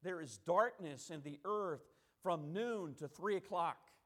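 High-voiced man preaching emphatically. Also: animated, measured pace, fairly bright tone. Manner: emphatic, repeating and restarting phrases, acting out quotes. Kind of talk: sermon.

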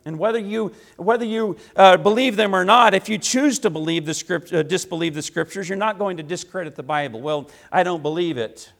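Man, preacher, sermon, high-pitched, emphatic, repeats phrases, rhetorical questions. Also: fairly quick, creaky, hardly any pauses. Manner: rhetorical questions, swinging between loud and quiet.

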